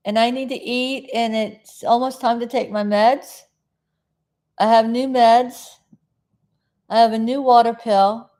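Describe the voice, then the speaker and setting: Chatting to viewers on a rambling, casual live stream, a middle-aged South Florida host speaks unhurriedly and wanders from one idea to another, often losing her thread. Her voice is a little high with a darkish tone, and she fills every pause.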